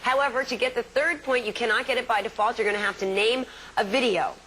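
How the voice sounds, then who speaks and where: A woman's voice: fairly high pitch, quick pace, a little hiss or hum, rough recording. Upbeat woman hosting a game show. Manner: bright, chatty, laughs easily, sing-song emphasis.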